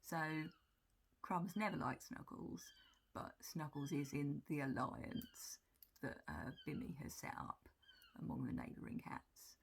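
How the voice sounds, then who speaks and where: A woman telling stories about her cats in a soft, breathy whisper, in a whispered role-play style. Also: deep voice, huge pitch swings, unhurried, slight background noise. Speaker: cat vlogger.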